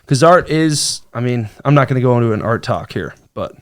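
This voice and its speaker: A man's voice: medium pitch, expressive, a little fast, no room sound. A man guest on a studio podcast, reacting to jokes and giving encouraging feedback in a casual, upbeat way. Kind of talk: casual chat.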